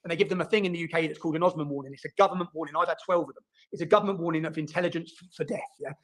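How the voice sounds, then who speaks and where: Guy ranting fast, high-ish voice, keeps going yeah?. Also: fairly bright tone. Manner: fast, emphatic, repeats words. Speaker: interviewee in played clip. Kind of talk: animated personal storytelling.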